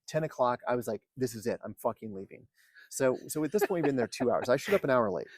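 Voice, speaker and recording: A man telling long, animated stories in casual chat, swearing freely and acting out what people said. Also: medium pitch, fast talker, dry recording. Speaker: podcast guest. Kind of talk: casual storytelling.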